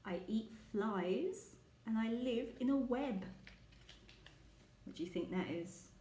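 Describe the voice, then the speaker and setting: Slow, patient woman teacher. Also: fairly high pitch, animated, mellow, slight background noise. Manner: slow, patient, asks the listener questions. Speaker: children's teacher. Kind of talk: guessing game for young children. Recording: echoey room.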